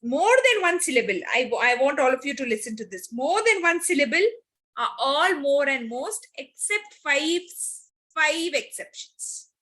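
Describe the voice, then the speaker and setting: A woman teacher explains grammar to a class of children. Her voice is bright and a little high. She repeats key words and slows down to drive each example home. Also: animated. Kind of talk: online class lesson.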